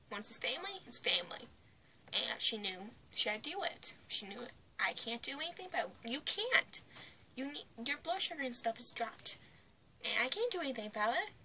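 Speaking a little high, a young female vlogger bluntly retells a personal story to the camera, often dropping to a whisper so her volume swings. There's slight background noise.

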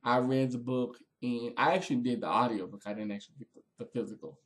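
Male vlogger, casual review delivery, animated and conversational, mid-range voice. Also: medium pitch, fast. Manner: chatty and expressive, with frequent fillers.

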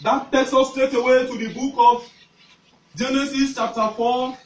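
A man with a Nigerian accent preaching a fervent sermon, shouting at the peaks and repeating his phrases. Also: very high voice, level tone, moderate pace. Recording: echoey, distant hall recording.

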